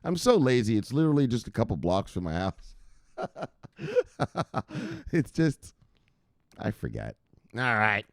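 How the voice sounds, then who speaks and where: Animated man hosting a crypto livestream. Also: medium pitch, measured pace, creaky, pauses often, dry recording, clean studio sound. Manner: animated, profane, jokey shout-outs. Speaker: host of a crypto news livestream. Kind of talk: casual livestream chat.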